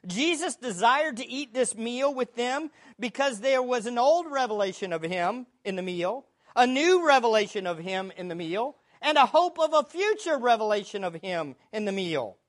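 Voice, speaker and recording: A woman's voice: on the high side, expressive, moderate pace, hardly any pauses. A woman preaching a sermon, teaching from the Bible in an earnest, emphatic way and asking rhetorical questions.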